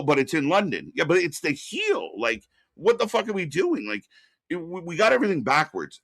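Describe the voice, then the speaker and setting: A man's voice: a little high, gravelly, fairly bright tone, no echo, studio quality. A man hosting a casual wrestling talk show, ranting bluntly with plenty of swearing. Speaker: wrestling commentary host. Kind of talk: casual podcast chat.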